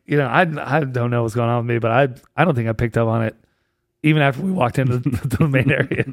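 A man's voice: mid-range voice, a little fast, no room sound, clean studio sound. A man who works as a comedian and bartender, telling a rambling story in a casual chat and laughing as he goes.

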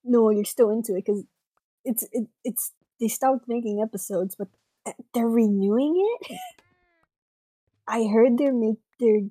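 A woman's voice: a little high, measured pace, pauses often, warm tone, no room sound. A young woman chatting casually as co-host, teasing and laughing often. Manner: giggly, teasing. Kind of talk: casual chat.

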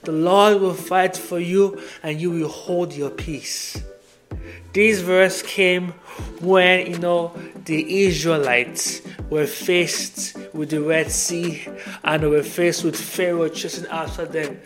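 A man's voice: fairly high pitch, steady tone, slow, fairly bright tone, faint music behind. A man preaching a devotional podcast sermon, earnest and repetitive, reading Bible verses aloud.

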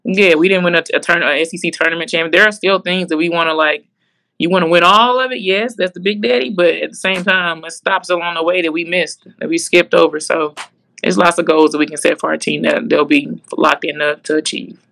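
A woman's voice: lowish voice, steady tone, brisk, gravelly, a bit bright, poor audio. A young woman guest, an assistant basketball coach, chatting in a laid-back way and acting out what her players say. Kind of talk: casual interview chat.

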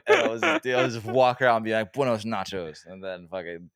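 A young man co-hosting a podcast, telling stories in a relaxed, laughing way and swearing a lot. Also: on the low side, fast talker, no echo, studio quality. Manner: laid-back, swears a lot, laughs often. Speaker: podcast co-host. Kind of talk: casual chat.

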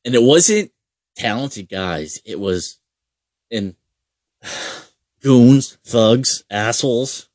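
A man's voice: mid-range voice, extremely slow, long pauses, a little mellow, no room sound, clean studio sound. A young man telling a rambling, profane story in casual chat, mocking people along the way. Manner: swears constantly, mocks people with put-on voices. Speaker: amateur hockey goalie telling a story.

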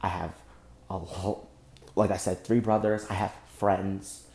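A young man hosting a solo podcast, speaking angrily and with deep emotion, often breaking off and repeating himself. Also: flat delivery, unhurried, vocal fry, darkish tone, echoey room. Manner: angry, emotional, repeats and restarts. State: emotionally shaken. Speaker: podcast host. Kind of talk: impassioned solo podcast monologue.

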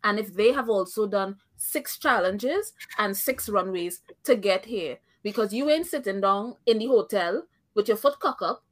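A woman with a mid-range, expressive voice co-hosts a casual reality-show recap podcast at a moderate pace, hardly pausing. She states her opinions firmly, thinks aloud, and laughs often.

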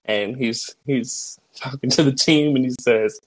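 Husky man, laughing podcast co-host. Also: medium pitch, unhurried, few pauses. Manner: laughs often, acts out quotes in a raised voice. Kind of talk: casual chat, retelling movie scenes.

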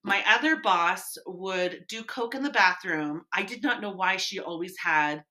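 A woman co-hosting a casual podcast chat, telling lively work stories and acting out the people she quotes. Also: lowish voice, a little slow. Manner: animated storyteller, acts out quoted people. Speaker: podcast co-host.

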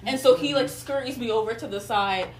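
A young woman casually telling friends a story from high school, giggling along. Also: brisk, echoey room, a little hiss or hum. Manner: giggly, shrieks when quoting. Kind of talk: casual chat.

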